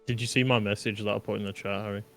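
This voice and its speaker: A man playing a tabletop game, casual and halting, with quiet asides. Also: fairly low pitch, fairly even intonation, faint music behind. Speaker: player.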